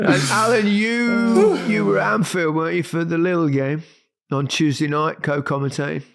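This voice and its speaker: Older man, podcast host, dry teasing, slightly high voice. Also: measured pace, vocal fry, long pauses. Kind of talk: casual football podcast chat.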